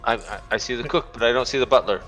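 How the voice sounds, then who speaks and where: A man's voice: mid-range voice, fast talker, over music. A man chatting casually as a player in a tabletop game, often cutting in. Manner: casual, talks over others.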